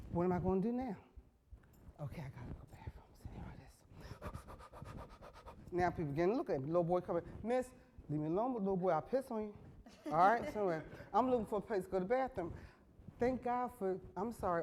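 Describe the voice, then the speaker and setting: A woman's voice: on the low side, slight background noise. Frank, earthy woman host telling a story. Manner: frank, earthy, builds to loud excited bursts. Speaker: talk show host. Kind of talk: comic storytelling monologue.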